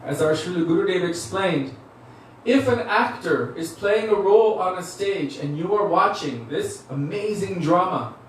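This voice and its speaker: A man giving a devotional class, telling stories earnestly and acting out the voices of people in them. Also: high-pitched. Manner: earnest storyteller, acts out quoted voices. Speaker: spiritual teacher giving a class. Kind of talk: devotional lecture with storytelling. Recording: very echoey room, mic at a distance, faint hiss.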